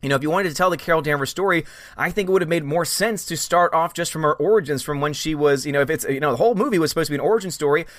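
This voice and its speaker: This is a man hosting a casual live stream, reading out viewer comments and chatting back at them. His voice sits fairly high for a man and sounds close and dry. He talks in an animated, chatty way. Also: rapid-fire, dry recording. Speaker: livestream host.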